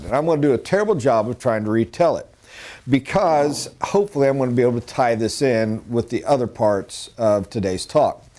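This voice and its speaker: A man's voice: mid-range voice, darkish tone. A middle-aged man giving a rambling, earnest motivational talk as a sales trainer.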